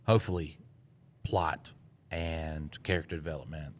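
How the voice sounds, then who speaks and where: A man's voice: extremely low pitch, steady tone, moderate pace, a little hiss or hum. A man hosting a podcast, rambling in casual chat and laughing often. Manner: laid-back, rambling with frequent laughs. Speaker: podcast host.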